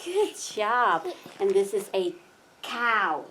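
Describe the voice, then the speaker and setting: Slow sing-song mother coaxing a toddler. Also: medium pitch, sing-song, fairly bright tone, a little hiss or hum. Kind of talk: playing with a toddler.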